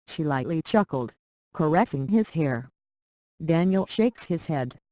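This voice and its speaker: A reader narrating a short romance story aloud in a plain, steady way. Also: medium pitch, unhurried, no echo, low-quality recording.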